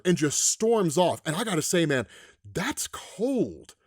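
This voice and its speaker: A man hosting a casual comic-book recap, animated and ranting, who keeps checking in with "right?". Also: high-pitched, normal speed, dry recording, studio quality.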